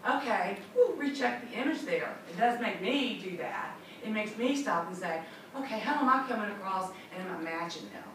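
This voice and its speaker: A woman trainer leading a classroom training session, upbeat and chatty, acting out little scenes. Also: medium pitch. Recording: echoey room from far off, noisy.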